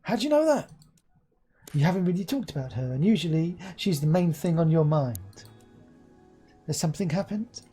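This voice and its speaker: A woman's voice: lowish voice, lively intonation, moderate pace, long pauses, dark tone, breathy edge, faint music behind. A woman voicing a doting older mother with an odd put-on accent, fussing and calling her child dear and love. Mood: concerned. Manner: fussy, soothing, calls everyone dear and love.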